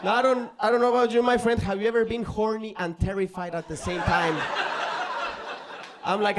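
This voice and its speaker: High-voiced Mexican man doing stand-up. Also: fairly quick, very noisy. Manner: animated storytelling, acting out voices, swings loud and soft. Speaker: stand-up comedian. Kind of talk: stand-up comedy set. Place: comedy stage before a live audience. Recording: live club crowd audible. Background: audience laughter.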